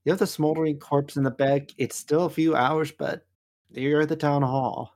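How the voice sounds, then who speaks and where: A man's voice: on the high side, steady tone, normal speed, a little mellow. A man narrating as game master of a tabletop game, with dry, exasperated asides.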